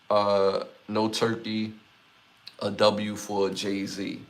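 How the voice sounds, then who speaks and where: A man with a Brooklyn accent hosting a casual live podcast, reading out chat comments and giving shout-outs in a laid-back way. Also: lowish voice, level tone, drawn-out words. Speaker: podcast host.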